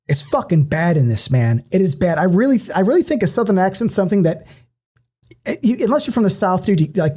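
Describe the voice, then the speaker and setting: A man co-hosting a podcast, chatting casually about movies in an animated way, swearing freely and restarting often. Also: high-pitched, breathy edge. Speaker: podcast co-host. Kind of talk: casual movie-discussion chat.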